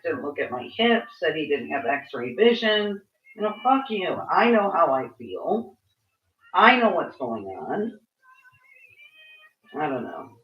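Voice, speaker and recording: A woman's voice: fairly low pitch, highs cut off. Frank woman venting, distant roomy sound. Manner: frank, venting, swears freely. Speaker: vlogger. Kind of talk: casual rant.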